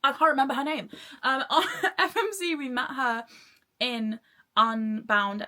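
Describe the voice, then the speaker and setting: A young woman chatting about books she read, excitable and rambling, full of fillers and laughter. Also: on the high side. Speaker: book vlogger. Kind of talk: casual book review chat.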